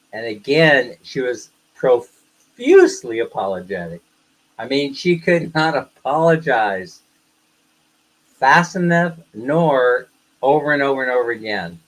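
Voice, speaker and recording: A man's voice: mid-range voice, fairly bright tone, rough recording. An older American man hosting a casual livestream, telling rambling stories and laughing often. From United States. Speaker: livestream host.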